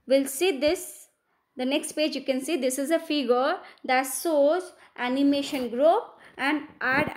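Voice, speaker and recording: In a patient classroom lesson, a teacher with a high-pitched voice and Indian English accent walks through her slides. She goes over points more than once, regularly asking students "right?".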